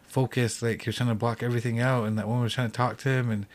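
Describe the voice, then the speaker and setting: A man's voice: medium pitch, level tone, rapid-fire. A young man from the Cheyenne Reservation telling a ghost story in a loose, rambling way as a podcast guest. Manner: rambling, full of "like" and "he said".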